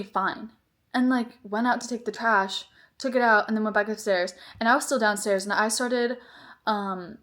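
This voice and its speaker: Young woman vlogger, storytime, rambling and exasperated, filler-heavy. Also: mid-range voice. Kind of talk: storytime vlog.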